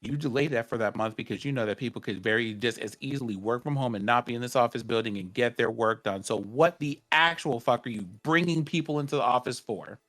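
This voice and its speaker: A man's voice: medium pitch, brisk, few pauses, fairly bright tone. A man co-hosting a casual tech podcast, ranting emphatically with plenty of swearing.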